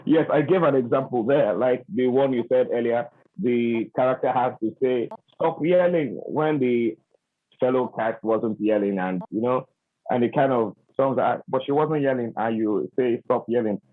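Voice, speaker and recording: A man asking a question in an online workshop, speaking haltingly with some restarts. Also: medium pitch. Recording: tinny phone-like line, dry.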